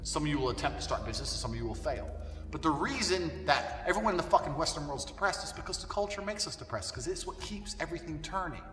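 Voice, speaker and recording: A man's voice: fairly high pitch, expressive, fast, fairly bright tone. A man delivering a blunt, profane ranting monologue as an online commentator. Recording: echoey hall, voice far from mic, faint music.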